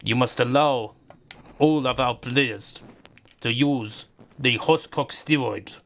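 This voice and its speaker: A man doing a pompous, menacing Russian leader, with slow, drawn-out threats delivered in mock gravity. The voice sits at an ordinary middle pitch for a man, and the is broad and deliberate rather than refined. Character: pompous Russian head of state, male, middle-aged, menacing.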